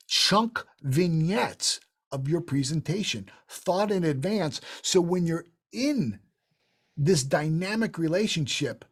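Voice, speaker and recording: A man's voice: a little high, slightly rough. A middle-aged man leading an online sales training session, talking emphatically and shifting his tone to show examples. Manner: animated, emphatic, demonstrates tonalities with quick voice shifts.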